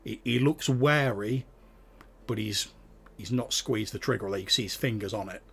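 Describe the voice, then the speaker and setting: A man's voice: fairly low pitch, moderate pace, creaky, fairly bright tone, breathy edge. A man narrating a tabletop game as game master, loose and full of fillers. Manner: many fillers, describes scenes loosely.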